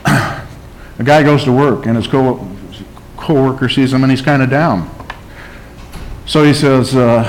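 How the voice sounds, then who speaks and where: A man's voice: mid-range voice, fairly even intonation, slow, pauses often, a little hiss or hum, rough recording. A man preaching a sermon, asking rhetorical questions, calling out for an amen and telling stories to his congregation. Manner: emphatic preaching, calls for amen and tells stories. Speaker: pastor.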